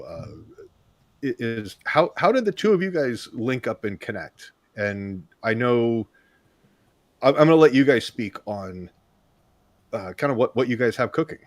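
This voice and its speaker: A man hosting an interview, a lively and chatty storyteller in casual conversation. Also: medium pitch, no room sound. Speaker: podcast host.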